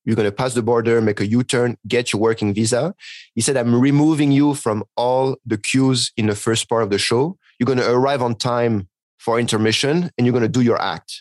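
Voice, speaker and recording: A man's voice: medium pitch, a little fast, no room sound. A circus trapeze artist telling a story in casual conversation, acting out the voices of others and laughing as he goes. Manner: animated, acts out quoted voices, laughs mid-story.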